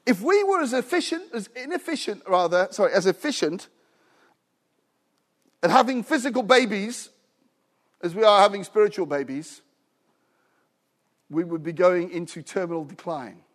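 A British man preaching in a noticeably high voice, lively and animated. He calls out to the congregation for responses and slips in humorous asides. He is a middle-aged visiting preacher. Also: moderate pace, pauses often. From United Kingdom. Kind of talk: sermon.

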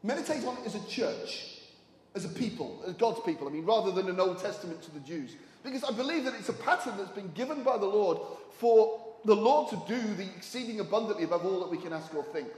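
A man preaching a sermon in a church, telling stories quietly and then raising his voice to urge the congregation on. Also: high-pitched, expressive, quick pace. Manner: swings from hushed storytelling to raised exhortation. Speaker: visiting preacher. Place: church hall. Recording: echoey hall, mic at a distance.

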